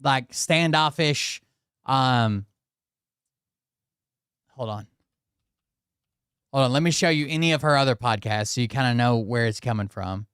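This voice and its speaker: Casual rambling male commentator, crisp dry voice. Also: mid-range voice, normal speed, fairly bright tone, no echo. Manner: loose, rambling, many "like"s. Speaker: commentary channel host.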